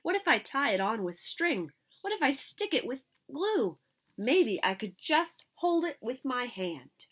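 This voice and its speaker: A woman's voice: high voice, big pitch swings, unhurried, fairly bright tone, husky, pitched above the performer's own voice, full character voice. A woman voicing a young boy who is an elephant-headed god, proud and sulky, talking in a boastful, whiny way. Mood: fretting.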